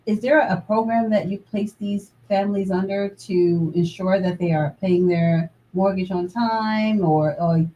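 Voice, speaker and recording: A woman's voice: mid-range voice, measured pace, few pauses, warm tone, highs cut off. A woman co-hosting an interview, asking friendly questions. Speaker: co-host.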